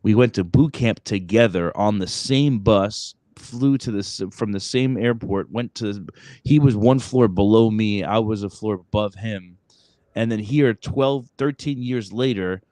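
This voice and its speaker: A man with a lowish voice hosts a casual podcast chat. He rambles through a story, full of fillers and restarts. The sound is dry and close. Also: a little slow, mellow, no echo. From Brooklyn, New York. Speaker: podcast host.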